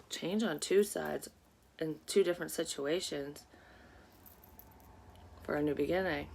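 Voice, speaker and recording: A woman's voice: deep voice, darkish tone. A woman in her thirties, a psychic vlogger, chatting casually; she rambles with many fillers and curses, sounds congested and a bit sleepy. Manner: rambling, profane, lots of fillers. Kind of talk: casual chat.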